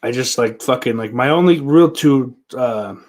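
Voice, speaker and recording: A man's voice: mid-range voice, moderate pace. Profane rambling male podcast host. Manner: profane, loose and rambling, with sudden loud bursts. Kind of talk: rambling solo podcast chat.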